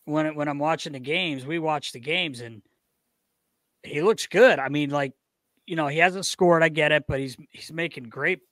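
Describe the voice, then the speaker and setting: A man co-hosting a podcast in casual chat, teasing and lively, often repeating words as he talks. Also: a little high, normal speed, dry recording. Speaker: podcast co-host.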